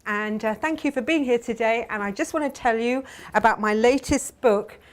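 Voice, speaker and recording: Woman, middle-aged, high voice, chatty storyteller, self-mocking. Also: normal speed. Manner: chatty, self-mocking, laughs through her lines. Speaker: author telling stories to tearoom customers. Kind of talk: humorous personal storytelling. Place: tearoom with a live audience.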